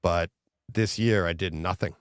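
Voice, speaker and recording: A man's voice: low-pitched, a little slow, no room sound, studio quality. A middle-aged man co-hosting a podcast in casual chat, telling stories with lots of laughter and acted-out quotes. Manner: animated storyteller, laughs often, acts out quotes. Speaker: podcast co-host.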